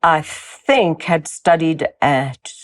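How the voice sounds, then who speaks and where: A woman's voice: deep voice, very slow. An older woman, a voice coach and actress answering interview questions thoughtfully, often repeating words as she searches for them.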